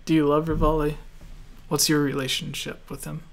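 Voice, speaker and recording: A man from Canada hosting a casual gaming podcast, relaxed and laughing often as he reads listener questions. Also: a little high, normal speed, gravelly. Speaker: podcast host.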